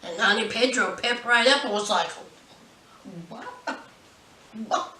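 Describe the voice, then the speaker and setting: A woman's voice: a little high, a little fast, bright, forceful tone, recorded from a distance. A woman giving a casual recap of a reality show episode in a sassy, gossipy storytelling manner, with drawled asides. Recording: echoey room, mic set back.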